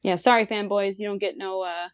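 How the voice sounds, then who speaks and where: A woman's voice: mid-range voice, steady tone, fairly quick, dry recording. Bubbly laughing woman podcast co-host. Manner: bubbly, laughs often, teasing. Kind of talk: casual podcast chat.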